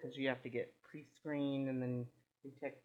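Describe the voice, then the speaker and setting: A woman's voice: a bass voice, level tone, moderate pace. A woman co-hosting a podcast in casual chat, reacting with short exclamations. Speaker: podcast co-host. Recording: dull lo-fi podcast recording.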